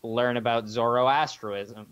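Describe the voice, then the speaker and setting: A man's voice: medium pitch, slow, a bit bright, clean tone, muffled recording. Profane, rambling male podcast co-host. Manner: loose and profane, many fillers. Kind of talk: casual podcast chat.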